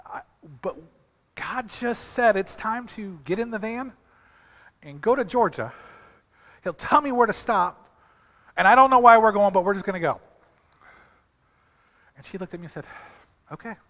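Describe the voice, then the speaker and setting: A middle-aged man preaching a sermon as a pastor, telling animated stories that swing from quiet asides to loud exhortation. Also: high-pitched. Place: church sanctuary. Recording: long hall reverb.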